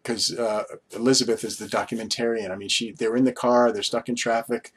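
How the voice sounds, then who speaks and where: A man from Long Island, New York, with a local accent rambles casually to the camera as a vlogger. His mid-range voice is steady and brisk with a breathy edge. He meanders through stories full of asides and restarts.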